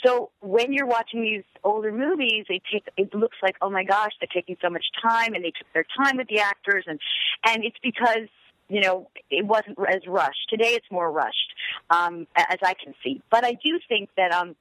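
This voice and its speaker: A middle-aged actress calling in as a guest, chatting enthusiastically with many fillers. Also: female voice, mid-range voice, normal speed, fairly bright tone, no echo, rough recording. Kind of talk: phone-in interview.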